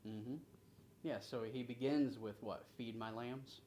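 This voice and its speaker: A man's voice: medium pitch, steady tone, measured pace, dark tone, slight background noise, low-quality recording. Conversational man leading a Bible study. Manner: conversational, asks the group questions and reads scripture aloud. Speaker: pastor. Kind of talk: informal Bible study sermon.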